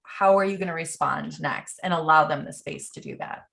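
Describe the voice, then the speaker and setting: A woman's voice: low voice, moderate pace, creaky, a bit bright. A woman co-presenting in a casual talk, walking through slides and acting out what people say.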